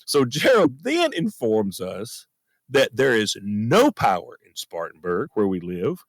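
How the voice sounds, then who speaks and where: Brief: male podcast host, folksy earnest storyteller, animated, bone-dry closet sound. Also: fairly low pitch, measured pace, no echo. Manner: earnest, folksy, self-deprecating. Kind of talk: personal storytelling monologue. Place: friend's closet at home.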